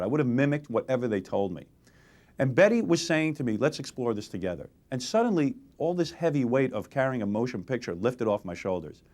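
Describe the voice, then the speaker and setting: A man in his forties in a candid interview, telling lively stories and acting out the exchanges he quotes. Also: mid-range voice. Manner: animated storytelling, acts out quoted exchanges. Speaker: interview guest, radio host.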